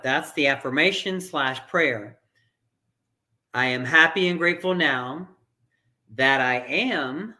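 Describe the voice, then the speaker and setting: A man's voice: on the high side, bright, forceful tone. A middle-aged man giving an earnest motivational fitness talk as a coach, repeating phrases for emphasis.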